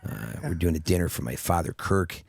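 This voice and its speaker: A man doing an impression of a famous movie star, speaking low and hushed with halting pauses. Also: expressive, gravelly, no room sound, heavily acted. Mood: casual.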